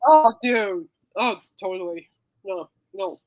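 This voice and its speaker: Lively, teasing woman podcast host. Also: medium pitch, takes it slowly, lo-fi sound. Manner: playful, teasing, rambling. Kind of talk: casual podcast chat.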